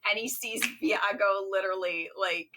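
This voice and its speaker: A young woman co-hosting a podcast, retelling film scenes in casual chat and acting out quotes in high, laughing bursts. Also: steady tone, moderate pace, background noise. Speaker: podcast co-host.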